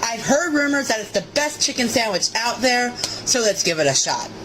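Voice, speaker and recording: A food reviewer in a vlog clip, upbeat and giving quick ratings out of ten. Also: female voice, fairly high pitch, very animated. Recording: noisy clip with background ambience.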